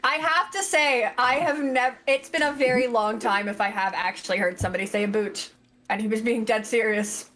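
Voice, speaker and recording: A woman in her twenties from Canada, chatting and telling stories on a group stream, animated and quick to laugh. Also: fairly high pitch. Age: 20s. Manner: giggly, animated storytelling. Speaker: stream co-host. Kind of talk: casual group chat on stream.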